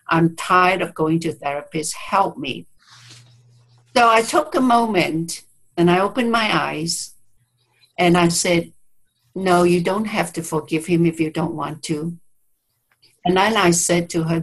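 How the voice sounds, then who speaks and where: Woman, therapist, reflective storyteller, low husky voice, video call. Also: poor audio. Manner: reflective, hesitant restarts, quotes clients aloud. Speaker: therapist and guest speaker. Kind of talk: storytelling in an interview. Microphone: video call mic.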